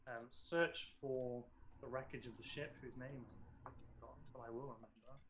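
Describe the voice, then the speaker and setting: A man's voice: medium pitch, steady tone, normal speed, heavy background noise. A man running a tabletop role-playing game as game master, narrating the scene hesitantly with many ums and self-corrections.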